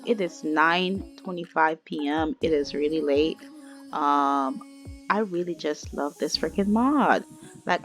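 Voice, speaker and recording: A chatty woman telling a life-sim story as she plays, talking right to her viewers in a relaxed, casual way. Soft music plays faintly behind her. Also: mid-range voice. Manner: chatty, addresses viewers as y'all. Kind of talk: casual game story narration.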